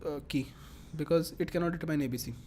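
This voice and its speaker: A woman's voice: low voice, quick pace, mellow, slight background noise. A woman teaching a lecture, explaining step by step and repeating her phrases as she works through examples. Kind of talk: classroom lecture.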